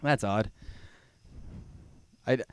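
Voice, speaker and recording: A young man doing a stand-up comedy set in a small comedy bar, telling a rambling, self-mocking story and now and then breaking into loud, high-pitched shouting. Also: drawn-out words, no echo, studio quality.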